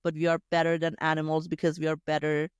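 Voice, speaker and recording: A man hosting a podcast interview, talking quickly and acting out little asides in a casual chat. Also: on the high side, smooth, dry recording, studio quality. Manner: quick, lively talk with acted-out asides. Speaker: podcast host.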